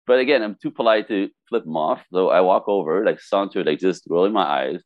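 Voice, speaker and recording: In a muffled recording without room sound, a middle-aged French Canadian podcast guest briskly narrates a story in his French Canadian accent. His voice is lowish, and he stays lively throughout, laughing a lot and acting out quotes with different voices.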